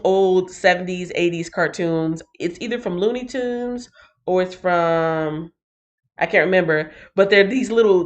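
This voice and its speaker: A woman's voice: on the low side, lo-fi sound. A woman hosting a Bible reading stream, chatting casually and animatedly with many fillers.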